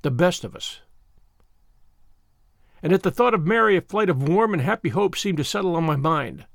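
A man narrating a novel in the first person, measured and earnest. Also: high voice, lively intonation, gravelly, dry recording, studio quality. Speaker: audiobook narrator. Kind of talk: scripted narration.

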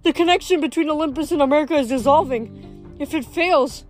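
A woman reading aloud, voicing a tough teenage girl fighter who grumbles bluntly in a low voice. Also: a little fast, faint music behind, natural voice. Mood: grim, tough.

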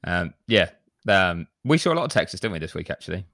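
A man's voice: low voice, sing-song, quick pace, a bit bright, no echo, studio quality. An English man hosting a podcast, leading the conversation and teasing his co-hosts. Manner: leads the talk, teasing. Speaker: podcast host. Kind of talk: casual chat.

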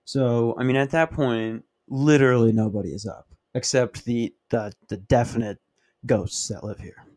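A man's voice: mid-range voice, normal speed, darkish tone. A man hosting a podcast, telling a rambling, profane, self-mocking story in a casual monologue. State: dry mouth. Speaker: podcast host.

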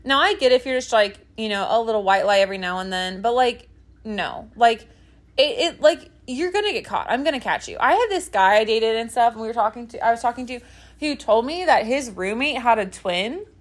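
Giggly young woman with a lively high voice. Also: fairly quick. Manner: giggly, animated storytelling with lots of fillers. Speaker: podcast co-host. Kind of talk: casual chat.

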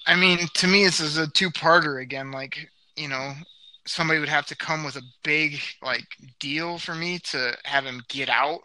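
Hoarse bright-voiced man shouting sports takes. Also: a little high, fairly even intonation, normal speed, no room sound, rough recording. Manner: loud bits, shouts catchphrases. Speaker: podcast co-host. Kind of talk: casual sports chat.

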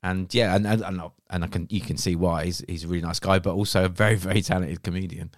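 A man's voice: low-pitched, steady tone, fast, no room sound, clean studio sound. A middle-aged man co-hosting a podcast in casual chat, with frequent restarts. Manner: chatty, with repeated restarts. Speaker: podcast co-host.

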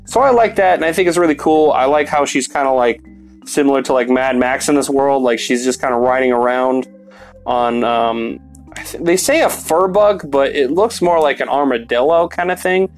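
A man's voice: medium pitch, normal speed, faint music behind. A young man giving a casual movie review, rambling and full of fillers, swearing now and then.

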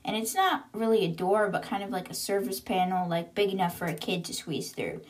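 A woman's voice: medium pitch, lively intonation, brisk. Chatty woman recapping a book. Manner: chatty, laughing, sarcastic asides. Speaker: podcast host.

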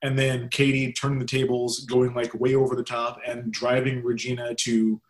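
A man hosts a podcast in loose, casual chat. He jokes easily and keeps the conversation moving in a relaxed way. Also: mid-range voice, moderate pace. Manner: relaxed, joking, leads the talk. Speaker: podcast host.

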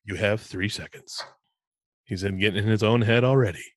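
A man co-hosting a podcast in casual chat, laughing often and thinking out loud with playful teasing. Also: lowish voice, moderate pace, dry recording, clean studio sound. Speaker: podcast co-host.

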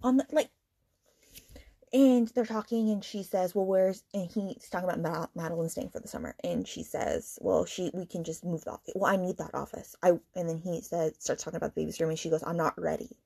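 Here a book podcast host speaks in a lowish, husky, creaky, mellow voice, brisk and with few pauses. She recaps a plot as a fired-up, exasperated rant, cursing casually and peppering everything with "like" and "okay."

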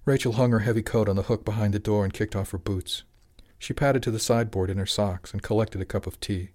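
A man narrating an audiobook in an even, measured storytelling voice. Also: lowish voice.

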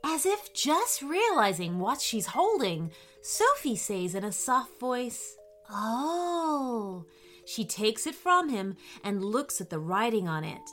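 A woman narrating a children's story in a gentle, expressive storybook manner, giving the characters little voices. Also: a little high, measured pace, few pauses, soft background music.

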